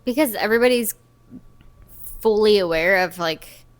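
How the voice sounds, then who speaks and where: Recapping a movie on the podcast she co-hosts, a woman in her thirties talks at a moderate pace in a mid-range voice. The chat is casual, and she often giggles as her sentences trail off.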